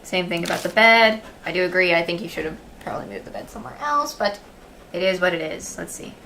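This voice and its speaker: A woman's voice: lowish voice, expressive, fast, gravelly, a little hiss or hum, poor audio. A woman streaming a game, chatting casually as she thinks aloud and reads the game's text. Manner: chatty, thinks aloud, quiet and murmured while exploring. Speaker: let's play streamer. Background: game music.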